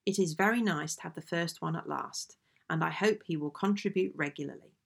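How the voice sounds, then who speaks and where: A woman reading aloud old family letters in a measured, genteel way. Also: deep voice, vocal fry, slightly rough. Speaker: audiobook reader.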